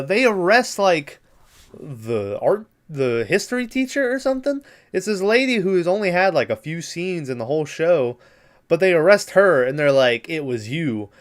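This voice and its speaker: A man's voice: fairly high pitch, clean tone. A young man hosting a podcast, giving a casual, rambling recap of a TV show with plenty of fillers and swearing. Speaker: podcast host.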